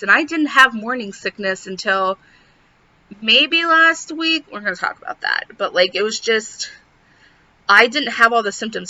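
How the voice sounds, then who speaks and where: A woman's voice: mid-range voice, sharp tone. A young pregnant woman vlogging in casual chat, rambling and saying "like" constantly. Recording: dull lo-fi sound.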